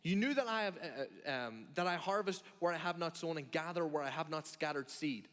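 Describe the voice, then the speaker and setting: A man's voice: on the high side, animated, a bit bright. A man playing a stern, exasperated master. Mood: exasperated scolding. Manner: exasperated, rapid scolding questions. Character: stern demanding male master scolding a servant. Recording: long hall reverb.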